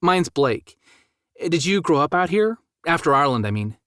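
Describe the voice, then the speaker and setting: A male audiobook narrator voicing a slightly flustered, organized young woman with a lightly raised, quick voice. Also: on the high side, big pitch swings, fairly bright tone, clean tone, no echo, pitched above the performer's own voice. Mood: curious. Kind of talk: audiobook character voice. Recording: dry close studio sound.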